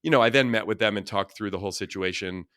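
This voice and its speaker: A man around fifty from Northern California, a former baseball player telling lively, earnest stories as a podcast guest. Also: fairly low pitch, dry recording, studio quality. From Northern California, USA. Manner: lively anecdotal storyteller, quick and earnest. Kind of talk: casual interview storytelling.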